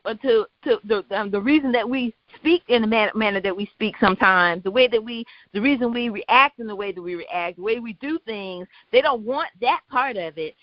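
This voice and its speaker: A woman in a casual group discussion, pausing and restarting as she tells a story with quoted speech. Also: a little high, no echo, lo-fi sound. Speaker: discussion participant.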